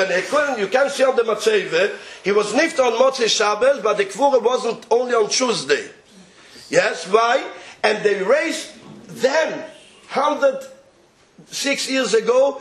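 A man with a Yiddish accent telling a rabbinic tale in an animated way, chuckling as he goes and mixing in Yiddish and Hebrew words. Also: very high-pitched, reverberant. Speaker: storyteller.

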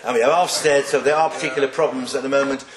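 Lively man lecturing in an echoey room. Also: mid-range voice, fast talker, crowd noise. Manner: lively, joking, asks the class rhetorical questions. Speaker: Torah teacher. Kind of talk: classroom lecture on Jewish texts.

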